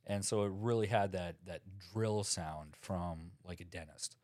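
A man's voice: deep voice, a little slow, a little mellow, no room sound, clean studio sound. A man co-hosting a podcast, a tattoo artist in casual chat, laid-back and rambling with lots of fillers.

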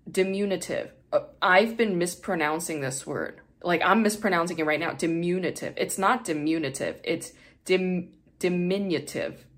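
A woman hosting a podcast who chats casually and candidly, swearing freely and laughing often; English is her second language. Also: fairly low pitch. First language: not English. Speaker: podcast host.

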